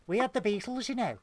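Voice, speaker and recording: Giggly northern English man, slightly high, dry sound. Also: dry recording. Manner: giggly, apologetic, playful. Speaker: podcast co-host reading fan questions. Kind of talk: casual chat.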